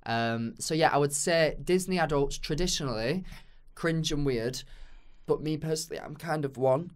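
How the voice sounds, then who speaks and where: A man's voice: a little high, moderate pace, clear, resonant tone. A man with a British accent, a podcast guest telling a crude, self-mocking story in casual chat, with lots of fillers.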